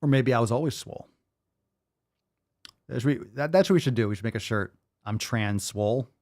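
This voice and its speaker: A man's voice: medium pitch, brisk, darkish tone, no echo, clean studio sound. A man in his thirties hosting a podcast, ranting casually in an exasperated, profane way and repeating himself. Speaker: podcast host.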